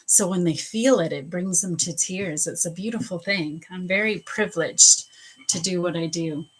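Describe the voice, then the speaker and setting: A woman with a husky, lowish voice and moderate pace gives a live psychic reading on a livestream. She chats casually with viewers, greets them by name, and often restarts her sentences.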